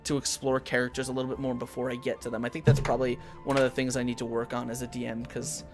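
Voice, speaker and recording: A man's voice: medium pitch, little pitch movement, quick pace, over music. A man hosting a live tabletop chat stream as the dungeon master, talking in rambling bursts with many restarts.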